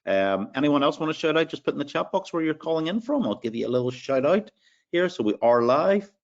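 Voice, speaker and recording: A man's voice: on the high side, sing-song, fairly quick. Man, Irish accent, live sales webinar host, upbeat, muffled lo-fi audio. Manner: upbeat, reads out attendee names.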